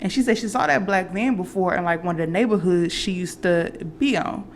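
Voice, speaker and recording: A woman's voice: on the low side, brisk, a little hiss or hum. A woman vlogger casually retelling a movie plot, rambling with fillers and restarts. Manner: acts out quoted characters.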